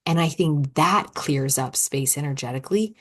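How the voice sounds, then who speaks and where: A woman's voice: low-pitched, normal speed, fairly bright tone. A woman hosting a solo podcast as a coach, chatting freely and acting out her own thoughts as little quoted asides.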